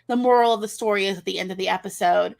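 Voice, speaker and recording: A woman's voice: medium pitch, very fast, creaky, a little mellow. A woman co-hosting a casual chat stream, playfully spinning silly imagined scenarios. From United States. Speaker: co-host.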